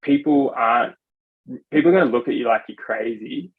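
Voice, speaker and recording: A man's voice: medium pitch, brisk, husky. A young man and podcast guest, talking casually with lots of "like" fillers. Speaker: podcast guest, software developer. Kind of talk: casual chat. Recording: slightly dull lo-fi sound.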